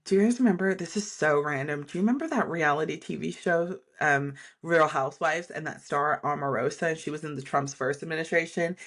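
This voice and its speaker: A woman's voice: sits low, fairly quick, hardly any pauses, a bit bright. A woman hosting a casual political commentary video, talking bluntly with plenty of swearing and wandering off on tangents. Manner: blunt and profane, drifts into tangents.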